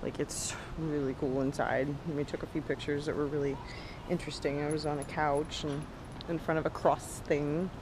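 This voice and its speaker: A woman vlogging casually, chatty and excitable, talking in quick bursts as she explores. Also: deep voice, noisy background. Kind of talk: casual vlog chat. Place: indoors, exploring and in a music store. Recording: music playing loudly behind.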